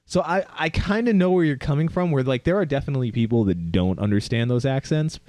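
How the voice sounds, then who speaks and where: A man's voice: mid-range voice, animated, quick pace, warm tone, no room sound. Guy on a podcast, medium voice, rambles through a story, dry sound. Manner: rambling anecdote with quoted asides. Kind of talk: casual chat.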